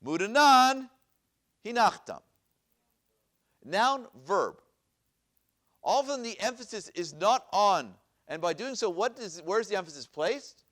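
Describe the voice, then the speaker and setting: Leading a Bible lesson in a synagogue classroom, the rabbi speaks in a highish, slightly bright voice with lively intonation at normal speed. He reads Hebrew verses aloud and asks his listeners questions, then repeats them.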